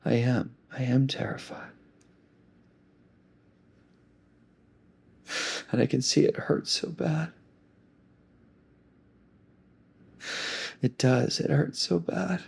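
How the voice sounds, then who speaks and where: A man's voice: medium pitch, normal speed, creaky, darkish tone, husky, voice pushed up, heavily acted. A man voicing a scared, lonely, heartbroken young child who asks plaintive, pleading questions. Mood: hurting.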